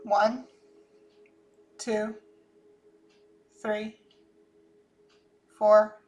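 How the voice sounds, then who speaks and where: Southern woman, mid-pitch, rambling psychic-reading chat, thinks out loud. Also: level tone, very slow, highs cut off. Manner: chatty, thinks aloud, trailing restarts. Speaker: psychic channeler. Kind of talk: casual psychic reading monologue.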